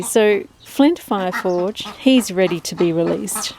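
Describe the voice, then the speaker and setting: Slow-talking woman chatting among ducks. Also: medium pitch, vocal fry, a little mellow, slight background noise. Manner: rambling, chatty, coos at her ducks in baby talk. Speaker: duck keeper. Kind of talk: casual vlog chat. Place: outdoors among her ducks.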